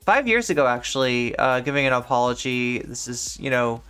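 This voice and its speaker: A woman's voice: a bass voice, expressive, moderate pace, fairly bright tone, clean tone, faint music behind. A woman streamer chatting casually while playing a game, rambling and leaning heavily on filler words as she talks. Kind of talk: casual live-stream chat while gaming.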